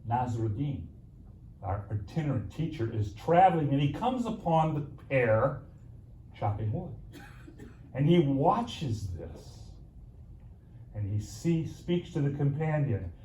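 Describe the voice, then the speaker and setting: Male pastor, unhurried storytelling, lively swooping pitch, church echo, far mic. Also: a little hiss or hum. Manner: dramatic pauses, playful asides. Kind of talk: sermon storytelling. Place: church sanctuary. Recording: echoey church room, mic from afar, faint ambience.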